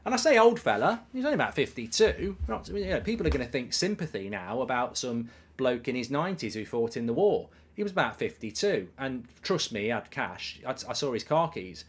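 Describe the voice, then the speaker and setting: A man hosting a live football watchalong, chatting casually, telling stories and reading out viewer messages with swearing and lively asides. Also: medium pitch, brisk. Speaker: live stream host reading super chats.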